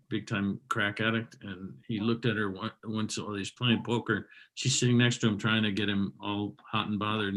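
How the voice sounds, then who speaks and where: Middle-aged male comedy host, bright tone, rowdy teasing banter. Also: on the low side, low-quality recording. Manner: loud, laughing, teasing banter.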